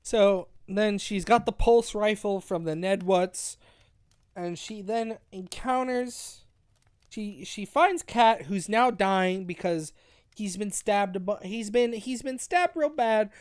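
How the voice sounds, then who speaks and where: A man's voice: high voice, slow, smooth, dry recording, studio quality. A man co-hosting a casual review chat, crude and sarcastic, often restarting his sentences. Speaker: podcast co-host.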